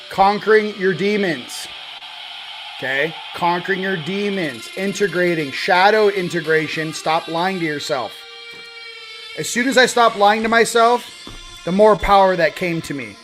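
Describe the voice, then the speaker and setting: A man in his forties hosting a casual spiritual talk, rambling and animated, sometimes swearing. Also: high-pitched. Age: 40s. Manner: rambling, animated, swearing, acts out quoted voices.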